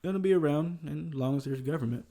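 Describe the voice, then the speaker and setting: A man's voice: on the high side, fast talker, mellow. A man with a Southern US accent hosting a casual history podcast, chuckling often as he talks. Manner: chuckles often, loose and conversational. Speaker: podcast host.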